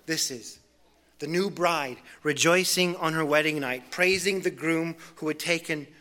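A man with a bright, forceful voice, pitched a touch above the usual, preaches a sermon. He is earnest, climbing in intensity through lists before easing down soft. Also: unhurried. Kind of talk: expository sermon.

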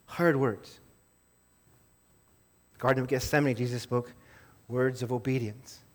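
A man preaching a sermon as pastor, earnest, rising to emphatic stress and then dropping low and soft. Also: fairly even intonation, measured pace.

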